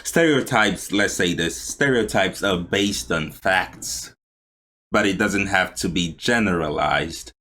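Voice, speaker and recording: Low-voiced man giving emphatic reaction commentary. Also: lively intonation, a little slow, fairly bright tone. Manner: emphatic, opinionated. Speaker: reaction video host.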